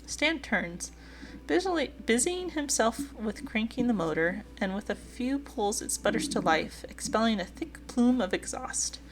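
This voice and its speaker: A woman's voice: mid-range voice, slight background noise. Giggly woman reading a dating game. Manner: giggly, gushing asides. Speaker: streamer.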